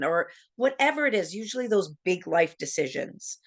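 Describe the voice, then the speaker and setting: A woman with a slightly low voice giving a webinar presentation. She talks casually and tells a personal story, acting out the lines of each person with energy. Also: normal speed. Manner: lively storyteller, acts out dialogue.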